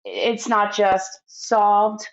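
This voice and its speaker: A woman's voice: mid-range voice, flat delivery, extremely slow. A woman hosting a podcast interview, chatting enthusiastically and eagerly responding to her guest. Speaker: podcast host. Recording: dull lo-fi recording.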